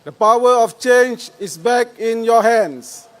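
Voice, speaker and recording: A man with a Singaporean accent, an election candidate giving a rousing, declamatory rally speech outdoors into a handheld microphone over a PA system. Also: extremely high pitch. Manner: rousing, declamatory, slow deliberate phrasing.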